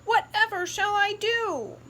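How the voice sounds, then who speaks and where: A woman's voice: very high-pitched, animated, slow, bright, forceful tone, a little hiss or hum, pitched above the performer's own voice, full character voice. A woman doing a whiny brother pig. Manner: whiny, scolding.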